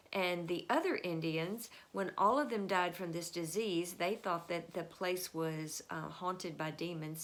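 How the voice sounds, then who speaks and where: Chatty woman telling a history story. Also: on the low side. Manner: chatty storytelling with many fillers; acts out the historical figures with quick changes of voice. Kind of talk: casual spoken history lesson.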